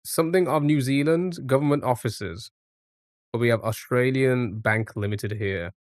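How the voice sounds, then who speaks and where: A man's voice: mid-range voice, normal speed, dry recording, clean studio sound. A man streaming a guessing game, thinking aloud in a rambling way full of restarts and fillers. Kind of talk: casual live-stream commentary.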